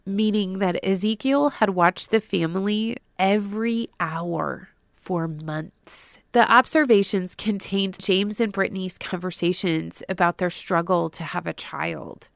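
A woman host narrating a true crime story from a script, adding personal asides and dropping to a hush at the dark moments. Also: mid-range voice, vocal fry, no room sound, clean studio sound.

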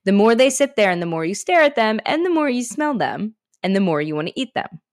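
A woman's voice: mid-range voice, big pitch swings, fairly quick, no room sound, clean studio sound. A woman hosting a self-help podcast, talking frankly and encouragingly in a conversational way. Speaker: podcast host and author. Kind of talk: candid self-help talk.

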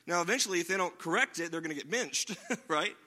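A man's voice: sits high, lively intonation, fast talker, sharp tone. A man preaching a sermon in a conversational way, often checking in with his listeners by asking "right?". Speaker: pastor.

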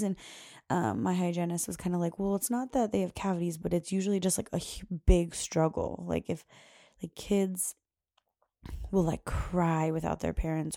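Gravelly young mom chatting casually. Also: female voice, on the low side, warm tone, no room sound, studio quality. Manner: chatty, full of fillers and quoted dialogue. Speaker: podcast host. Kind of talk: casual storytelling chat.

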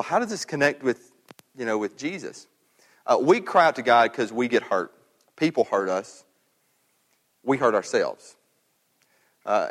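A man's voice: medium pitch, a bit bright. Man, pastor, conversational sermon, repeats words, long reverb in a church. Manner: conversational, repeats words while thinking aloud. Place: church sanctuary.

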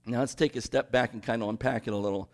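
A male pastor preaching a conversational sermon, animated and often checking in with the congregation. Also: mid-range voice, fast talker.

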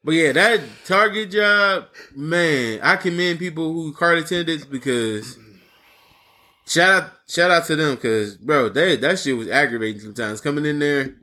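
A man's voice: fairly high pitch, normal speed. A man co-hosting a podcast, telling casual stories with lots of swearing and acting out the people he quotes. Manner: animated, acts out quoted people, profane. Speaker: podcast co-host. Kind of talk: casual storytelling chat.

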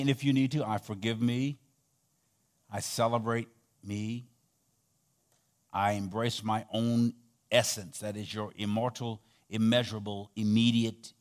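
Dynamic preaching man, loud then hushed. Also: lowish voice. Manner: dynamic preaching, swinging between loud emphatic peaks and soft near-whispered passages; leads call-and-response, has the audience repeat phrases. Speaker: pastor. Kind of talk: sermon.

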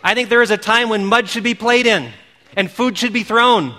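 A man preaching a sermon, telling stories in an animated way and calling out quoted cheers. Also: sits high, moderate pace, big-room sound. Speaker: pastor. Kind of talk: sermon with storytelling.

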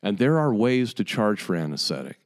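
A man's voice: lowish voice, very animated, moderate pace. A man in his fifties, a dentist of long standing, delivering an impassioned and exasperated monologue to his colleagues, repeating and stressing his points. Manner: emphatic, exasperated, repeats himself.

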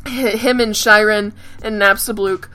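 A young woman co-hosting a podcast in casual chat, excitable, gushing and swearing freely. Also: medium pitch, measured pace, clear, resonant tone, faint music behind. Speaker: podcast co-host.

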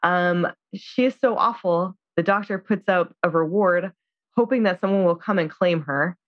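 With a fairly low voice at a moderate pace, a female podcast co-host casually retells a film, full of filler words and acting out what the characters say. It's a dry recording with a slightly dull tone.

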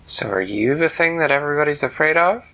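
A man's voice: fairly high pitch, animated, quick pace, sharp tone, voice pushed up. Man voicing a brave, curious little girl. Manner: polite, earnest questions.

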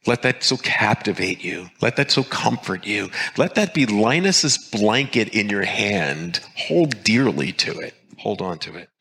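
A male pastor preaching a sermon with emphasis, repeating key phrases and slowing down to stress single words. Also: on the low side, big pitch swings, gravelly, bright, forceful tone, breathy edge.

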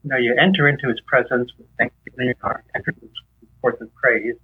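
A man with a husky voice, a guest in an interview, teaching on faith in a conversational way and animatedly acting out dialogue. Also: fast. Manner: animated storyteller, acts out dialogue with rising pitch. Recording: tinny phone-line sound.

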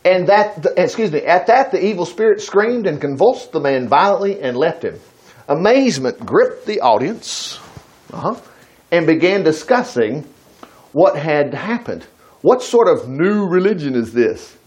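Lively-voiced folksy preacher, man. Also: a little high, a little slow. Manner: folksy, chatty, breaks off to comment. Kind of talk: conversational sermon reading scripture with asides.

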